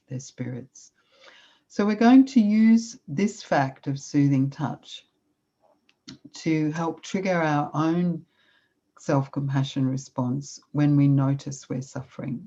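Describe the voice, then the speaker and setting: A calm middle-aged woman with a low, mellow voice, speaking unhurriedly as she leads a gentle self-compassion exercise. The recording is slightly dull and lo-fi. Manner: calm, warm, unhurried, with soft guiding instructions. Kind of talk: gentle talk with guided meditation.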